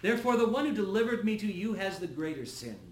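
A man voicing a calm, composed prisoner, giving a quiet, measured reply. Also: high-pitched, voice pushed up. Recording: echoey room.

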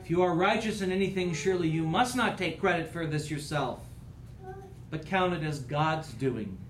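A man's voice: a little high, moderate pace, echoey room, a little hiss or hum, poor audio. A man preaching a sermon as pastor, with an earnest, rising and falling preaching cadence.

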